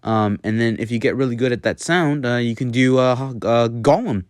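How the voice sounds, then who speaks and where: A man's voice: mid-range voice, steady tone, brisk, clear, resonant tone, no room sound, clean studio sound. A young man teaching an in a casual home video lesson, rambling and self-mocking with many fillers. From United States. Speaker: host teaching an accent.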